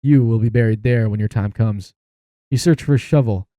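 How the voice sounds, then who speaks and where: Man, gaming creator, reads horror story text aloud, amused asides, very deep warm timbre, dead dry sound. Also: normal speed, no echo. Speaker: gaming YouTuber. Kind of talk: reading and playing an interactive horror story.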